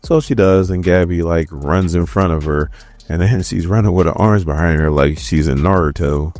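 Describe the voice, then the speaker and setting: A man hosting a casual comic book recap, animated and joking. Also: low voice, normal speed, faint music behind.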